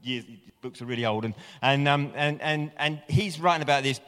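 A man's voice: fairly high pitch, a little fast, a bit bright. Chatty male preacher in a reverberant hall. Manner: conversational, self-deprecating, chuckles at himself, restarts often. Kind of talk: sermon.

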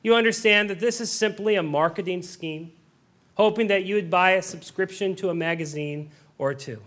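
A man with a strikingly high voice preaches a sermon. He delivers it earnestly and breaks in now and then with light joking asides. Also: moderate pace, fairly bright tone. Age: adult. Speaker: pastor.

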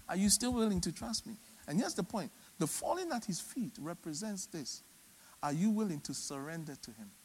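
A man preaching a sermon, swinging between loud emphatic peaks and soft low asides. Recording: long hall reverb.

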